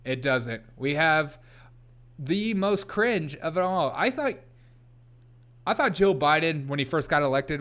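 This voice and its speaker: A man's voice: on the high side, a bit bright. A man hosting a casual commentary show, mocking the clips he plays and laughing often.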